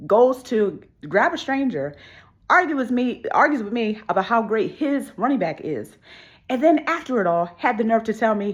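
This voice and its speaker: A woman telling a casual storytime vlog at home, animated and candid, swearing freely and acting out what people said. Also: a little high, normal speed, highs cut off. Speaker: vlogger. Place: home with kids and cats around.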